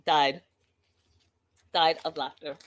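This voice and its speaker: A woman in casual chat, retelling a story in an animated way with frequent laughter. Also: low-pitched, takes it slowly. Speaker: vlogger.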